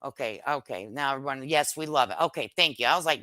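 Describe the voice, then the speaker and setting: A woman's voice: very deep voice, expressive, fast, bright, forceful tone, no echo. A middle-aged woman hosting a casual livestream, reading viewer comments in a brash, joking way, swearing lightly and laughing often. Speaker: livestream host.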